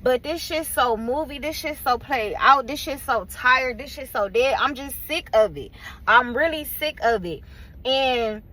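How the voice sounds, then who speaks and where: Weary woman ranting, bright tense voice. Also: high-pitched, lively intonation, measured pace, poor audio. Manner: weary, frustrated, swears freely, rambling with many fillers. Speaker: vlogger and small business owner. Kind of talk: casual venting rant to camera.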